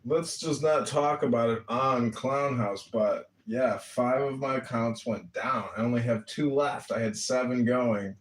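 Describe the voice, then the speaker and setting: A man hosting a casual live audio chat, upbeat with loud greetings and salesy banter. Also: medium pitch, unhurried, few pauses. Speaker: host. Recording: echoey, from far off the mic.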